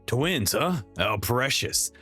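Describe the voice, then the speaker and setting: A man's voice: medium pitch, lively intonation, slow pace, bright, forceful tone, breathy edge, soft background music, full character voice. A man voicing an arrogant, cold nobleman in a haughty, dismissive tone while reading a comic aloud.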